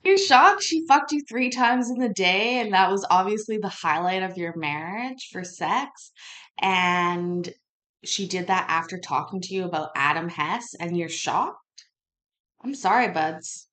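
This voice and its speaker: A woman's voice: on the low side, a little slow, a bit bright. Crude, sarcastic woman commentator. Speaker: host commenting on court footage. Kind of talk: casual reaction commentary.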